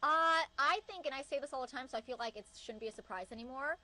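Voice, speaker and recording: A woman's voice: sits high, sharp tone. A giggly teenage girl, an actress, chatting casually in an interview. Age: late teens. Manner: giggly, chatty, quick to laugh.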